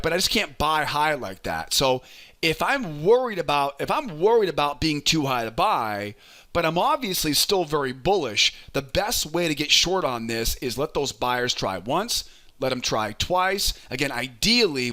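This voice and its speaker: A man hosting a trading lesson, walking through charts in an energetic, coaching way and often checking in with "right?". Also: mid-range voice. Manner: energetic, keeps asking "right?"; coaching, urges patience. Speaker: trading educator and host.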